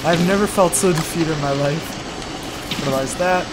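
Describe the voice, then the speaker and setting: A young man giving casual commentary on his own gameplay, talking to himself and bursting into loud, exasperated yelps. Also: fairly high pitch, moderate pace, heavy background noise. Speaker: let's play gamer.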